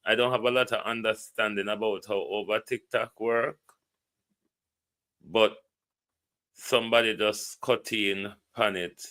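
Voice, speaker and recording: A man's voice: deep voice, a bit bright. A man with a Jamaican accent hosting a casual live stream, greeting viewers by name and reading out a contact number. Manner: reads out viewer names and a phone number, chats loosely. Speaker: livestream host. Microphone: phone or computer mic on a live stream.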